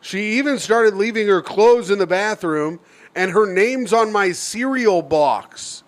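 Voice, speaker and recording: A man with a notably high voice, trading jokes as a podcast co-host. His delivery is teasing and casual, close on a studio mic. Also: unhurried. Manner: playful, teasing, reads a listener letter aloud. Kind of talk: casual comedic podcast banter.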